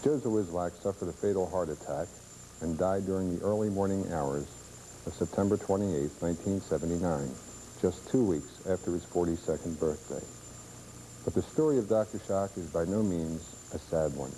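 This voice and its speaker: A man reading scripted documentary narration in a measured, solemn way. His voice is deep and very dark. He speaks with steady calm. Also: a little hiss or hum, low-quality recording.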